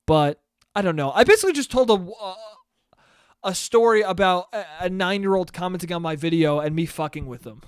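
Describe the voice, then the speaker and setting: Rambling, higher-voiced young man. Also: expressive, brisk, clean tone, no echo, clean studio sound. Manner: rambling, self-deprecating, swears freely. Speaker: podcast host. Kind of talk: casual solo monologue.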